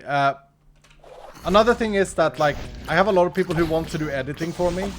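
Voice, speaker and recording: A man's voice: fairly high pitch, noisy background. A man streaming a game live, thinking aloud and answering his chat in easy commentary. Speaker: streamer playing a modded block game.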